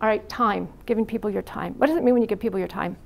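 A woman's voice: medium pitch, very fast, vocal fry, a little mellow. A middle-aged woman who is a psychiatric nurse gives a frank, chatty university lecture full of anecdotes and "you know" fillers. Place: university classroom.

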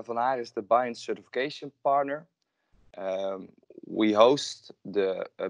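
Male webinar host, lowish voice, hesitant, dry close sound. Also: no room sound. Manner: hesitant, with frequent fillers. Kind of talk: webinar introduction.

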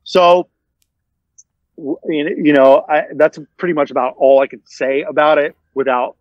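A man's voice: fairly high pitch, unhurried, no room sound. A man, a podcast guest, telling a long casual story full of fillers and restarts. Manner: rambling, many fillers and restarts. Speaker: interview guest. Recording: dull, dry sound.

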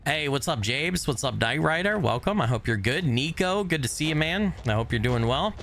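A man casually commentating his game on a live stream, greeting viewers by name and swearing offhandedly, his voice a little hoarse from recovering. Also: a little high, animated, normal speed, fairly bright tone, slight background noise. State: voice still recovering, slightly hoarse. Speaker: gaming streamer.

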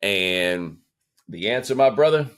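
A man's voice: on the low side, lively intonation, slow. A man co-hosting a sports talk podcast, telling stories in loose, rambling casual chat full of restarts and repeats. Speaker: podcast co-host.

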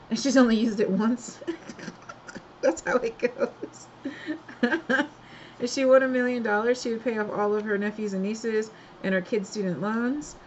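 A woman's voice: a little high, dull audio, slight background noise. A woman hosting a craft swap, chatting casually and gushing over each item as she unboxes it, laughing often.

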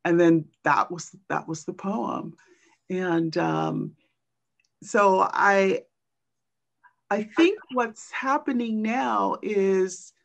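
A woman poet and teacher tells stories on a video call, slow and halting with many pauses and fillers. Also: mid-range voice, vocal fry. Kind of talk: reflective storytelling in a virtual book talk.

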